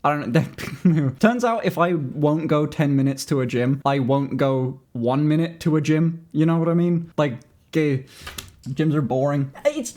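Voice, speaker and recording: Young man, British accent, higher voice, casual stream chat, self-deprecating, rambling. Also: a little mellow. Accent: British English. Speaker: livestreamer.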